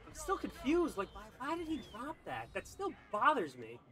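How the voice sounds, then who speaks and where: A man's voice: extremely high pitch, moderate pace, faint music behind. A young man commentating his own football video game, muttering play calls and then erupting in frustration. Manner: excitable, swings from muttered play-calling to loud outbursts. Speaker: gaming YouTuber.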